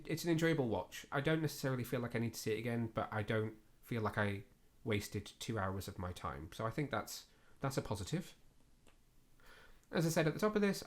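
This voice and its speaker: A man co-hosting a podcast, talking casually with lots of fillers and self-deprecating asides. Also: mid-range voice. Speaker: podcast co-host. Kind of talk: casual chat.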